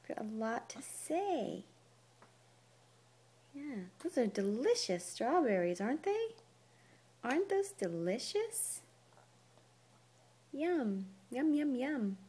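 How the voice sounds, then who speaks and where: Young mom, coaxing baby talk, lively sing-song pitch, unhurried. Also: female voice, husky. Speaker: mother. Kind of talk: talking to a baby.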